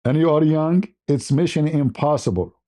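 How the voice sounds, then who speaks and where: Dark-voiced man telling a laughing anecdote. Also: a little high, moderate pace. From Middle East. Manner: chuckles often while telling, broken conversational English. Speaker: channel host. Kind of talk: livestream storytelling.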